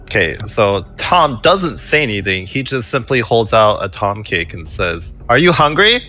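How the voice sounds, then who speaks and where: A man's voice: lowish voice, animated, a little slow, bright, forceful tone. Playful man at the game table. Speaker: player.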